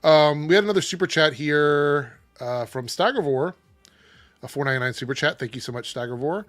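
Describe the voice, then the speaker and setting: A man's voice: fairly high pitch, lively intonation, brisk, fairly bright tone, no room sound, soft background music. A man hosting a casual panel livestream, reading viewer messages and giving blunt opinions. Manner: opinionated, blunt, reads super chats aloud.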